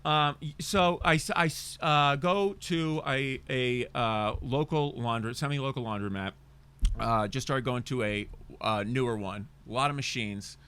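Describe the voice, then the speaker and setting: A man's voice: medium pitch, unhurried, a bit bright, clean tone. A young man co-hosting a podcast, talking in a loose, crude, joking way and rambling through stories. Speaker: podcast co-host. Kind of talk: casual chat.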